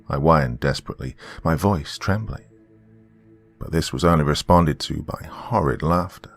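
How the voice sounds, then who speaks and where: A man hosting a horror podcast, narrating a first-person horror story in a slow, brooding way. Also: extremely low pitch, creaky.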